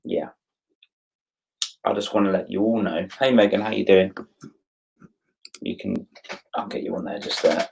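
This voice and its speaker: A man's voice: sits low, normal speed, gravelly, pauses often, a little mellow, poor audio. A middle-aged man hosting a casual livestream, greeting viewers by name and ranting with annoyance. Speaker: livestream host. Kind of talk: casual live chat to viewers.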